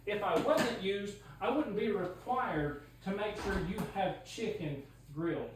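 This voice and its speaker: A woman's voice: mid-range voice, expressive, unhurried. A woman in a heated home argument, accusatory and insistent, talking over the other person. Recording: echoey room, distant mic, noisy.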